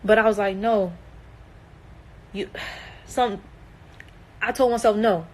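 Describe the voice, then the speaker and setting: A woman's voice: medium pitch, steady tone, slow, poor audio. A young woman in a distressed, emotional livestream monologue, earnest and emphatic, repeating herself and swearing.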